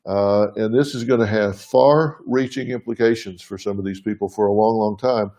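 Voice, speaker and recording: A man's voice: fairly low pitch, steady tone, normal speed, warm tone. A man hosting a live show from his home, speaking earnestly and plainly to viewers, thinking aloud as he answers their questions. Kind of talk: live casual address to viewers.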